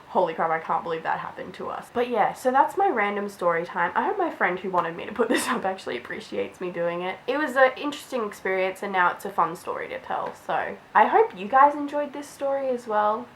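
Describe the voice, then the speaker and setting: A woman's voice: mid-range voice, a bit bright, slight background noise, low-quality recording. A young woman vlogger chatting through a storytime, filling her talk with "like". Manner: chatty, lots of "like". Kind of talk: storytime vlog.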